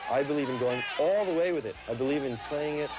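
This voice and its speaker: A man speaking earnestly and deliberately in an archival interview. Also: fairly high pitch, a loud crowd. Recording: noisy archival recording.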